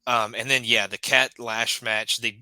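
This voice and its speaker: A man's voice: medium pitch, flat delivery, unhurried, bright, forceful tone, dry recording, poor audio. A man co-hosting a wrestling podcast, talking in a hesitant way with lots of "uh" and restarts. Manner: hesitant, many fillers and restarts. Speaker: podcast co-host. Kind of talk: casual chat recapping wrestling.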